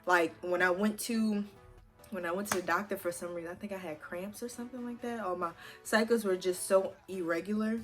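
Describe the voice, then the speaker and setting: A young woman tells a story to her viewers in a loose, animated, chatty way, swearing casually as she goes. Her voice sits at a middle pitch. Faint music plays softly underneath her. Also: a little fast. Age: 20s. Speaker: vlogger.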